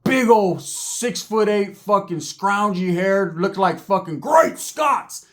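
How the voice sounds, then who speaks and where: A man's voice: high voice, expressive, slow, fairly bright tone. A man telling a comic story from his own life in profane, streetwise talk, checking in with "right?" again and again.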